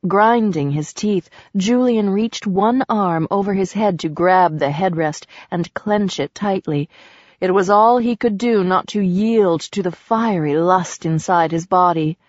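Brief: woman audiobook narrator, even sensual delivery, close dry booth sound. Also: mid-range voice, unhurried, no echo. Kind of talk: scripted narration. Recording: dull dry recording.

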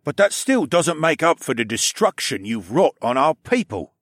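A man's voice: fairly high pitch, sing-song, moderate pace, fairly bright tone, no room sound, studio quality, voice pushed up. A man doing a stern, scolding captain. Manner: firm, scolding. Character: stern authoritative older male captain. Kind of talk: audiobook character voice.

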